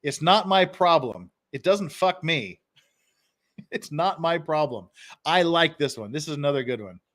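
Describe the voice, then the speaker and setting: A man's voice: fairly high pitch, expressive, unhurried, fairly bright tone. A man hosting a casual live stream, reading phrases aloud and chuckling often.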